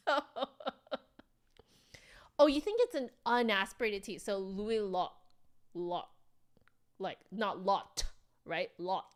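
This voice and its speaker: A woman's voice: mid-range voice, expressive, slow, pauses often. A woman hosting a flute livestream, chatting casually with viewers, laughing often and filling with "like" and "um". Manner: chatty, giggly, reads chat aloud; fillers, self-correcting.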